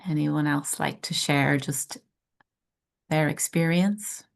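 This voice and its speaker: A woman hosting a group video call, telling a story in a relaxed, easy way. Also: sits low, slow pace, vocal fry. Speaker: host and practitioner.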